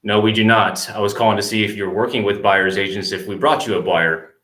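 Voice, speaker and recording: Brief: deep-voiced, easygoing male phone prospector, recorded in a roomy, echoey space. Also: steady tone, a little fast, fairly bright tone. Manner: polite, easygoing, explains his process. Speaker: real estate appointment setter. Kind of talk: cold-call demo with commentary. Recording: roomy echo.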